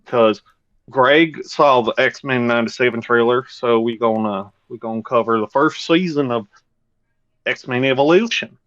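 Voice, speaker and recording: A man hosting a podcast in an easygoing, rambling chat, cursing casually as he goes. His voice sits at a middle pitch. The recording is dull and lo-fi, with a dry, close sound. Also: unhurried, a bit bright, dry recording. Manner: loose, rambling, swears freely. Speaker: podcast host.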